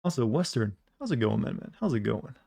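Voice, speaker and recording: A man's voice: medium pitch, big pitch swings, a little fast, gravelly, warm tone, breathy edge. A man streaming a game, chatting casually with viewers in a sleepy, drawling way. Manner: sleepy, drawling, greets chat.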